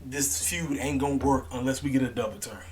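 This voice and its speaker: A man's voice: medium pitch, fairly even intonation, fairly quick, darkish tone. A man giving a casual, opinionated rant as a wrestling vlogger, blunt and repetitive with plenty of slang.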